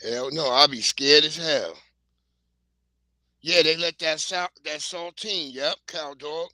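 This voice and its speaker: A middle-aged livestream host rambles through comic stories, swearing a lot and laughing often. His voice is a little high, slow, and sharp in tone, with no room sound.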